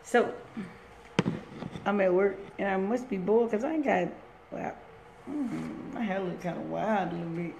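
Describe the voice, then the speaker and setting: A woman's voice: medium pitch, measured pace, creaky, long pauses, a little mellow. A woman giving a casual motivational talk on a phone live stream from her workplace, rambling and conversational. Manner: rambling, loose and conversational, breaks off to greet viewers. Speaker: inspirational speaker on a live stream. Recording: echoey room with faint background noise.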